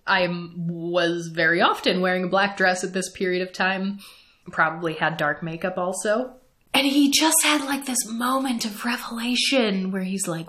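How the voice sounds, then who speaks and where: A woman vlogger telling stories in a casual storytime vlog. She talks in an animated way and laughs often. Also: mid-range voice, moderate pace.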